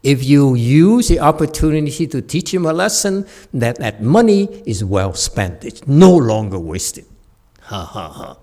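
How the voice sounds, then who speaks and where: A man's voice: mid-range voice, big pitch swings, a little slow, dark tone. A man giving a playful Buddhist dharma talk at a meditation center, laughing often and checking in with his listeners. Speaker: meditation teacher.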